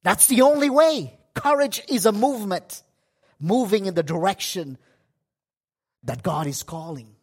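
Slow, emphatic male preacher. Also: high-pitched, animated, slightly rough. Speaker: pastor. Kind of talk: sermon. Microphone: livestream setup.

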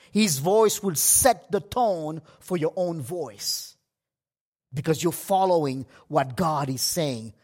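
A man preaching a sermon, slow and emphatic, with pauses between phrases. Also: on the high side, darkish tone, breathy edge. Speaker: pastor. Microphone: livestream setup.

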